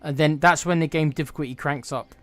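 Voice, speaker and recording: A man casually commenting on a video game as he plays, relaxed and blunt, muttering to himself. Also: on the high side, fairly quick. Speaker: gaming streamer.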